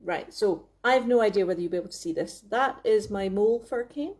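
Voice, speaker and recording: Speaking into her phone camera from her craft workspace, a woman hosts a casual live video chat. Her mid-range voice has a darkish tone and moves a little fast. She rambles, restarting often and laughing a lot.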